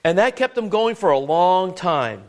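Earnest preacher man, slightly high voice. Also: sing-song, a little slow. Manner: earnest, repeats words, asks the congregation questions. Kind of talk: sermon.

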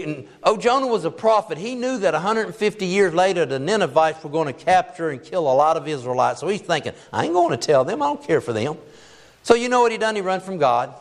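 A man with a notably high voice delivers a sermon in a homespun, down-to-earth way. He leans on key phrases and draws them out slowly to drive each point home. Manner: folksy, plainspoken preaching with colloquial grammar. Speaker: preacher.

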